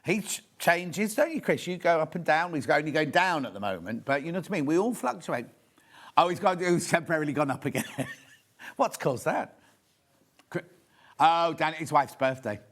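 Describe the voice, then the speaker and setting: A man's voice: on the high side, animated, normal speed, a bit bright. A middle-aged man presenting a live shopping show, chatty and rambling, poking fun at himself as he reads out viewer questions. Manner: chatty, rambling, self-deprecating.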